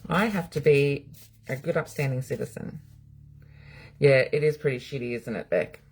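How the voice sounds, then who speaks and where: Speaking at a moderate pace in a very deep, husky, slightly mellow voice, this middle-aged Australian psychic medium livestreams from her home. She responds to viewer comments bluntly and casually, swearing plenty as she goes.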